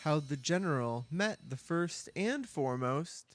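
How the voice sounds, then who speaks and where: A man's voice: on the high side, lively intonation, a little slow. A male podcast co-host playfully narrating a book recap in casual chat.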